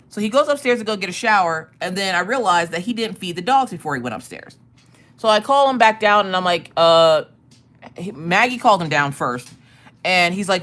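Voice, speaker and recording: Woman streamer in casual storytelling mode, lively swooping pitch, salty language, frequent laughs. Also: moderate pace. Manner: animated, profane, laughing storyteller. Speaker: streamer and craft channel host.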